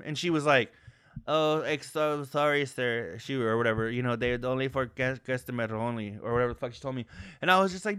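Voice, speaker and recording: A man's voice: mid-range voice, fast talker, smooth, no room sound, studio quality. A man co-hosting a podcast, telling stories in casual chat, swearing a lot and acting out the people he quotes. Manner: profane, animated storyteller acting out quotes. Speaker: podcast co-host.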